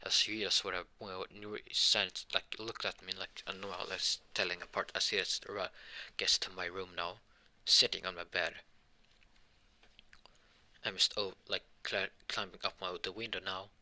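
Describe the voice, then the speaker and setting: Tired young guy rambling through a fan story, lowish voice but super bright, lots of restarts. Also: little pitch movement, normal speed. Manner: rambling, hesitant, many restarts. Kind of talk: improvised fan story narration.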